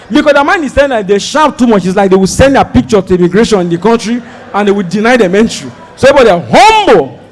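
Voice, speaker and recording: A Nigerian man performs stand-up, his voice sitting high and leaping all over the place as he tells the story. He acts out the people in it and breaks into shouts along the way. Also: fast talker, big-room sound. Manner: animated, shouts and mimics voices while telling the story. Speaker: stand-up comedian.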